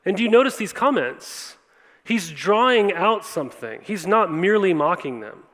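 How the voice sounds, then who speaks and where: A man's voice: sits high, very animated, normal speed, fairly bright tone. A male pastor preaching a sermon, reading scripture and then retelling it in casual words, often asking the congregation questions. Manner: conversational, asks the congregation questions. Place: church auditorium. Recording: long reverb of a church hall.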